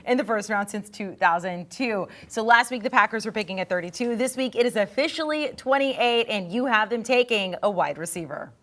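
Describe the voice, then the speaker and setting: A woman's voice: mid-range voice, animated, fairly quick, hardly any pauses, a bit bright. Upbeat woman hosting a sports show. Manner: upbeat, teasing questions. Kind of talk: sports interview chat.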